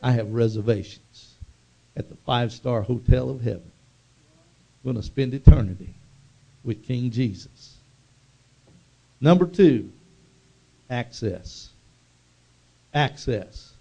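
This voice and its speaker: A man's voice: mid-range voice, a little slow, creaky, pauses often, dark tone, slightly rough. A male pastor preaching a sermon with call-and-response, telling stories and building to fervent proclamation.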